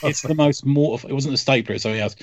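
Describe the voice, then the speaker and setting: Rapid-fire and mid-range, this man hosts a casual podcast chat about comics, spinning stories with frequent laughter and acted-out quotes. A little hiss or hum sits under the recording.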